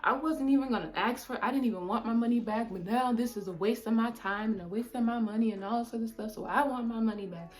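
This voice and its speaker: A woman voicing a fussy, indignant middle-aged caretaker, raising her pitch and complaining in an overbearing way. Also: fast, hardly any pauses, lightly acted.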